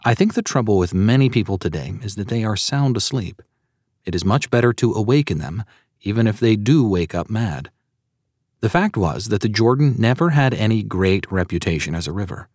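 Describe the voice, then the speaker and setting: A man's voice: on the low side, expressive, normal speed, a little mellow, no room sound, clean studio sound. A man narrating a sermon audiobook in an earnest, preaching tone and citing scripture verses.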